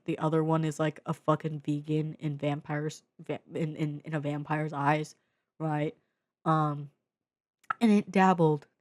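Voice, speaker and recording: A young woman from the Bay Area talks through her favorite films in a low voice, excitable and slangy, swearing freely between a stream of fillers. She speaks straight into her own mic, and the sound is dry and close with no room echo. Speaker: vlogger reviewing media. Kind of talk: casual media review. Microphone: own desk mic.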